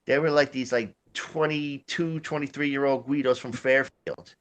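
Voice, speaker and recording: A man's voice: mid-range voice, fairly even intonation, a little slow, a bit bright. A man, telling a rambling, profane story in casual chat, laughing often. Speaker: podcast host.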